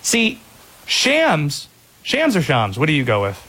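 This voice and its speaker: A man's voice: on the high side, huge pitch swings, measured pace, sharp tone, breathy edge. Upbeat sports radio host, man. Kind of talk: sports talk radio banter.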